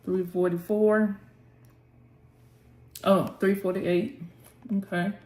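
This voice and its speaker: Slow and level, with a medium pitch and a slightly mellow quality, this trading channel host leads a live session. She reads out prices and pleads with the chart using short prayers and endearments, with roomy echo and faint music in the recording.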